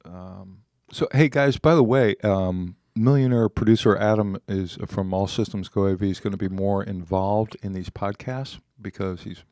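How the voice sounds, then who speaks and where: A man's voice: on the low side, normal speed, darkish tone, no echo, studio quality. A man co-hosting a casual podcast conversation, talking things through and reading out listener questions. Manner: conversational, reads listener questions, acts out sales dialogue. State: talking with food in his mouth. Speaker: podcast co-host.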